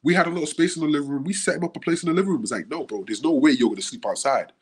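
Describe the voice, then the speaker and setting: A man from the UK, a guest on the show, telling animated stories in casual chat and acting out the quotes. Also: a little high, racing, slightly rough. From United Kingdom. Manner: animated storyteller, acts out quotes.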